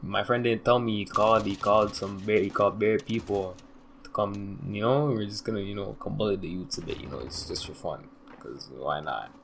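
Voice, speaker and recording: Young man, low-ish voice, casual storytime, slangy, rambling, faint background noise. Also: a little fast, vocal fry, fairly bright tone. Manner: loose, slangy, rambling with filler "da, da, da".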